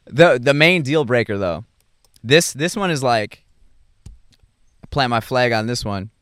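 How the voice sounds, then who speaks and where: Smooth-voiced man rambling casually. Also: medium pitch, expressive, fairly bright tone, no room sound, studio quality. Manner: halting, many fillers and restarts, chuckles often. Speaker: speaker sharing his dating life.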